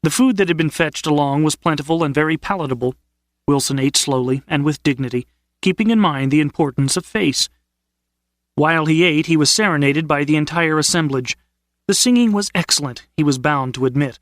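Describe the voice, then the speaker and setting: A man narrating an audiobook in a measured, steady storytelling manner. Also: a little high, no echo, studio quality. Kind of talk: scripted narration.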